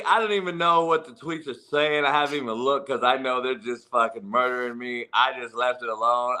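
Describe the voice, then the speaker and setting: Middle-aged male sports-talk host, bright edge, blunt and foul-mouthed, laughs often. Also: mid-range voice. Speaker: football coach and podcast host. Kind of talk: profane casual sports talk.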